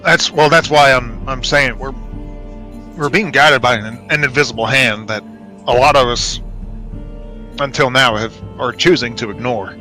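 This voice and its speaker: A man talking casually as a player in an online tabletop game, rambling with halting restarts. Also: mid-range voice, sharp tone, faint music behind.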